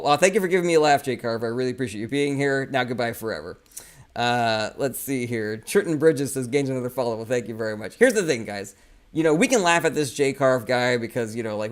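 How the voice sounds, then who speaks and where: A man hosting a political livestream, reading viewer comments aloud and answering them in a heated, profane, incredulous way. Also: medium pitch.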